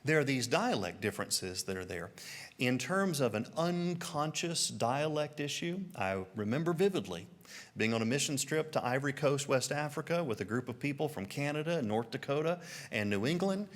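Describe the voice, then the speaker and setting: A pastor with a Southern American accent preaches a sermon in a mid-range voice at a moderate pace. He tells stories animatedly and puts on voices for quotes.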